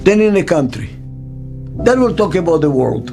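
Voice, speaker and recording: An older man with a Hebrew mother tongue, a business consultant speaking in an interview, slow and emphatic, repeating his key words. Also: on the high side, very animated, vocal fry, over music. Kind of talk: interview monologue.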